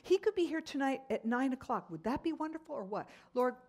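A middle-aged woman teaching a Bible lesson, telling stories in an animated way with frequent exclamations. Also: high-pitched, brisk.

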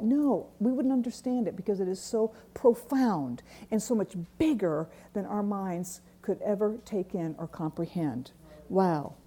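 A woman's voice: mid-range voice, warm tone. A woman teaching a weekly Bible class, speaking earnestly and repeating key phrases for emphasis. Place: church classroom.

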